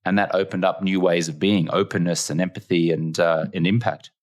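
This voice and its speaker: A very low-pitched Australian man speaking as an interview guest. He tells his stories earnestly and leans on repeated phrases for emphasis, with a reflective, conversational delivery. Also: steady tone, fairly quick. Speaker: podcast guest.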